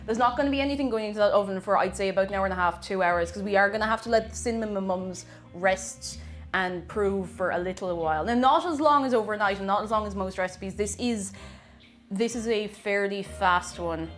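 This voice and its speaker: With faint music behind her, a young Irish streamer chats casually while she bakes, reading viewer messages aloud and thanking them. Her voice is medium in pitch and her pace is quick.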